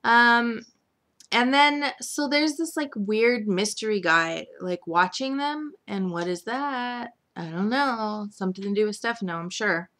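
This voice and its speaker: A woman's voice: on the high side, measured pace, a bit bright. A woman casually recapping a week of a soap opera, rambling with lots of "like" and "um". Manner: rambling, filler-heavy with frequent "like" and "um".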